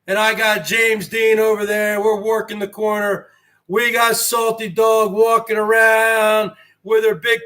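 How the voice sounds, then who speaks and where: A very high-pitched man with a bright, sharp voice holds forth on his live stream in slow, drawn-out phrases. He boasts with wrestling-promo bravado and keeps throwing rhetorical questions at his viewers. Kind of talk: rambling live-stream chat.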